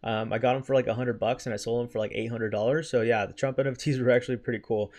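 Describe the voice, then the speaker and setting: A man's voice: mid-range voice, fairly even intonation, fast, darkish tone. A man hosting a casual crypto livestream, heated and repetitive. He keeps tossing in "right?" and "freaking" as he talks through viewer chat. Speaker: crypto channel host.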